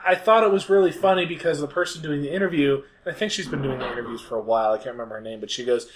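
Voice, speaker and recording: A man's voice: on the high side, racing, noisy background. A man co-hosting a podcast, chatting casually and rambling with hesitations. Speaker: podcast co-host. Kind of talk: casual chat.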